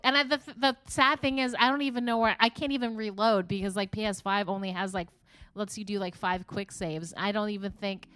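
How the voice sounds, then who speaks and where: A woman's voice: mid-range voice, fairly bright tone. A young woman streamer chatting casually with her live viewers, rambling and laughing often.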